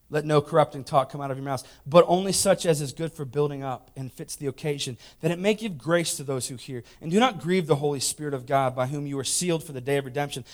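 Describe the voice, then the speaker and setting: A man preaching a sermon, emphatic and repetitive, swinging from loud shouting down to a hushed, intimate tone. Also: on the high side, a little fast, hardly any pauses. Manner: emphatic, repeats lines for emphasis. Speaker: pastor.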